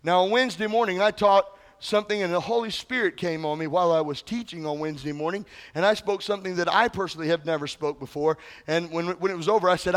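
High-voiced man preaching a sermon. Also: fast talker, hardly any pauses. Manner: conversational preaching, calls out questions to the congregation. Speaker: pastor.

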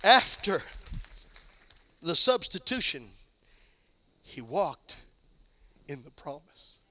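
A man preaching a sermon as pastor, dropping to a low hush and then building up to shouted exclamations. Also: sing-song, takes it slowly. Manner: drops to a low hush for emphasis.

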